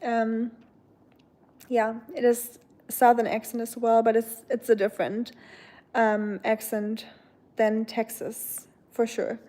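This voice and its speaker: A woman rambles through a relaxed live-stream chat, padding her sentences with filler words. Her voice sits a little high. It has a warm, mellow tone. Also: takes it slowly. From Germany. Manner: rambling, many filler likes. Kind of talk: casual chat.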